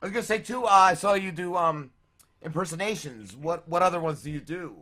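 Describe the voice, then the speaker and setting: A man's voice: high-pitched, a little fast, bright, forceful tone. A man hosting a casual talk show, asking a guest questions and laughing easily. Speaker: podcast host. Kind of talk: casual chat.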